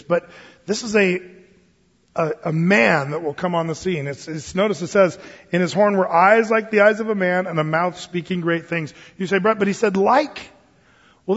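High-voiced joking pastor in a hall. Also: male voice. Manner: casual, joking, digressive, lively storytelling. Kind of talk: sermon, verse-by-verse Bible teaching. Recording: dull sound with long reverb.

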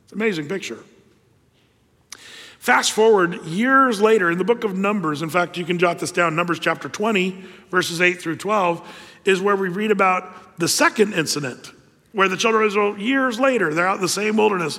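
High-voiced preacher in a reverberant hall. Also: male voice, normal speed. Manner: animated storytelling, acting out biblical figures. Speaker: pastor. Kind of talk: sermon.

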